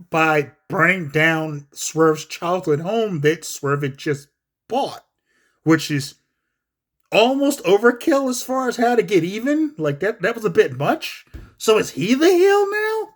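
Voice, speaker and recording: Rambling man with a higher voice. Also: very animated, takes it slowly. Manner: rambling, profane, many fillers. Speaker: wrestling commentator. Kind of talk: casual wrestling commentary.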